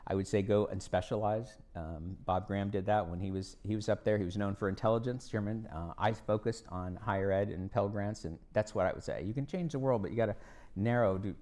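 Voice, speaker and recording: Speaking on stage in a university event hall, an American former congressman appears as a guest speaker. His voice is low with a dark tone, and he tells folksy anecdotes with acted-out quotes while offering students advice.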